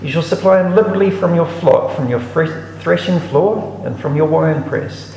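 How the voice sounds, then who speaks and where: Guy reading bible verses and explaining them, gravelly voice, bit higher pitch, big echoey room. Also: normal speed, darkish tone, slight background noise. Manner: reads scripture aloud then explains it, reflective. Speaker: Bible teacher. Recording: echoey room with long reverb.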